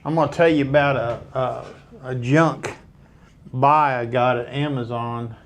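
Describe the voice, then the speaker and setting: A man's voice: mid-range voice, steady tone, a little hiss or hum. Folksy older Southern man chatting. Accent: Southern American. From East Tennessee, USA. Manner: folksy, rambling, unhurried asides. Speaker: photographer hosting a live stream. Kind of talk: casual live-stream chat. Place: home studio.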